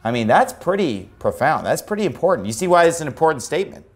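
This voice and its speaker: Man, high-pitched, preaching a sermon, emphatic, combative, mocking tone. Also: sing-song, fast talker. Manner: emphatic, argumentative, often mocking opposing views. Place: church.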